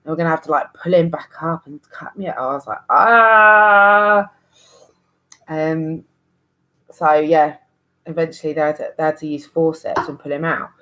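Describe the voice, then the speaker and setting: Low-voiced woman in her 30s, blunt and sweary, rambling to the camera. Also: flat delivery, brisk, rough recording. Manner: frank, sweary and rambling, with many restarts. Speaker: vlogger. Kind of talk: candid monologue.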